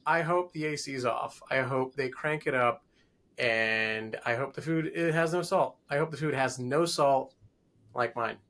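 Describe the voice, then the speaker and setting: A man's voice: mid-range voice, unhurried, a bit bright. A man co-hosting a podcast, chatting casually, asking questions and making wry jokes. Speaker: podcast co-host. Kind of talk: casual chat.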